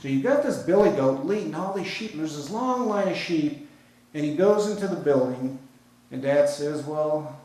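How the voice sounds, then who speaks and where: Folksy preacher in a very echoey church. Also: male voice, a little high, expressive, normal speed, darkish tone. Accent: American. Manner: conversational storytelling preacher, folksy asides. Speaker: pastor. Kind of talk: sermon. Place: church sanctuary.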